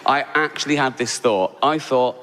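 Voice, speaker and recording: A middle-aged man with an English accent doing a stand-up comedy routine, telling a story with sarcastic, incredulous mock outrage and squeaky asides. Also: moderate pace, noisy background. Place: large theatre stage. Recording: live theatre with long reverb and audience.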